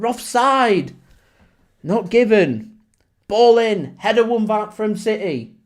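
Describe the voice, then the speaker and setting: A man calls a football match live for his fan channel's watchalong. His voice sits high for a man. He shifts quickly from steady play-by-play into shouting and laughing disbelief. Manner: excitable, shouts and laughs in disbelief at big moments.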